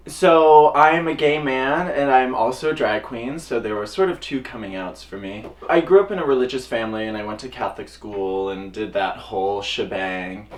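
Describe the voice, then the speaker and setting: An animated young man, a drag performer, tells a personal story to camera in a casual, lively way. His voice sits at a mid pitch and leaps high when he acts out what others said. He sounds a little distant from the mic.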